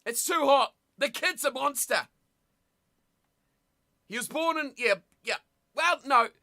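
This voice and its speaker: High, bright, excitable rugby streamer. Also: takes it slowly. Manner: excitable, shouts and laughs at big plays; chatty, talks straight to viewers in chat. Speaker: streamer hosting a rugby watch party. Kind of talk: live casual commentary and chat reading.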